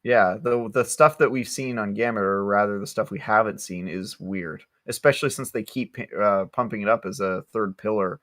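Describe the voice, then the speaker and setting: A man's voice: on the low side, normal speed, few pauses, fairly bright tone, no room sound. A man co-hosting a casual gaming podcast, speaking in a wry, emphatic way. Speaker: podcast co-host.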